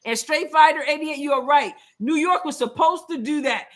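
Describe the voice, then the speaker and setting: A woman's voice: high-pitched, moderate pace, fairly bright tone. A woman hosting a live game watch-along, chatting opinionatedly, calling plays and reading viewer comments aloud. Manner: play-by-play asides. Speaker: show host.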